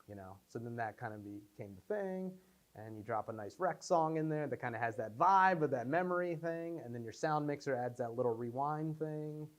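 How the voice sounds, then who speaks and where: Young guy after a screening, chatty, rambly, lots of likes, middle pitch. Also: fairly quick. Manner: rambling, animated storytelling with many fillers. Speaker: filmmaker at Q&A. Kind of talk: casual post-screening Q&A.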